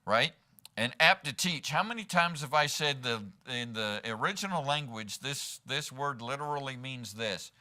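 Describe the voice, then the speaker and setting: An animated pastor preaches at normal speed in a mid-range voice that is bright and forceful. Standing in a church sanctuary, he addresses the congregation casually, often with a rhetorical "right?"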